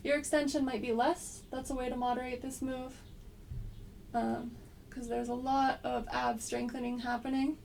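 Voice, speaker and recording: A woman with a slight cold guiding an exercise class, giving gentle, unhurried cues with frequent pauses. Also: high-pitched, little pitch movement, vocal fry, distant mic, slight background noise. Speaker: movement instructor.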